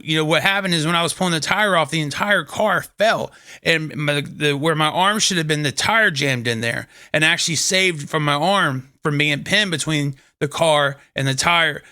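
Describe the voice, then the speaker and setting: A man with a bright, forceful tone and a slightly high voice talks earnestly about his faith and stumbles through restarts as he tells a story. The sound is close and dry. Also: smooth, no echo. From Kentucky. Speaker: host of a faith talk show. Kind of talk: casual inspirational talk.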